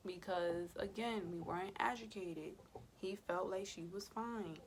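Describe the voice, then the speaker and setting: A woman, a birth worker and mother, tells a personal story for a vlog in a casual, emotional way, speaking straight to her viewers and often sinking into a soft whisper. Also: mid-range voice, unhurried, a little hiss or hum. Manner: conversational, addresses viewers directly.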